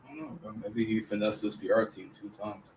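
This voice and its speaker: Co-host, male, low-key brief remarks, deeper voice, distant echoey pickup. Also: level tone, fairly quick, darkish tone, a little hiss or hum. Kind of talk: casual chat. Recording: echoey room, far from the mic.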